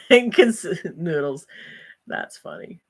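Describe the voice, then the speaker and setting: A woman's voice: lowish voice, big pitch swings, very slow, husky. An older woman hosting a livestream, chatting casually with viewers and breaking into folksy exclamations. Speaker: livestream host.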